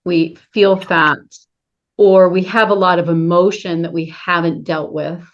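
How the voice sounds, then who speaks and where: A woman's voice: lowish voice, steady tone, unhurried. A woman hosting a casual conversation, speaking candidly and personally and laughing easily. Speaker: host. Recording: dull lo-fi sound.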